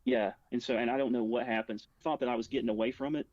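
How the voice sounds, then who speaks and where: A man appears as a guest, rambling through a personal story full of "like" and restarts in casual spoken storytelling. He talks fast in a medium-pitched, darkish voice with fairly even intonation, and the recording is muffled with no room sound.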